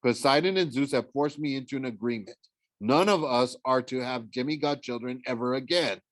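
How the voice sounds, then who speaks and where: A man's voice: medium pitch, brisk, no room sound, lightly acted. A man reading aloud, voicing an agitated, powerful god pleading urgently with the woman he loves.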